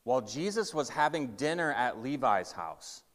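A man's voice: medium pitch, very animated, normal speed, fairly bright tone. A male pastor preaching a sermon with emphatic storytelling and a shifting pace. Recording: reverberant hall.

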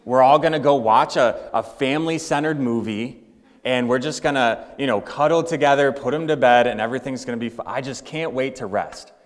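A man's voice: mid-range voice, fairly quick, big-room sound, natural voice. A man voicing a short-tempered, overworked father who longs for rest. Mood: wistful. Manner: yearning, then blowing up.

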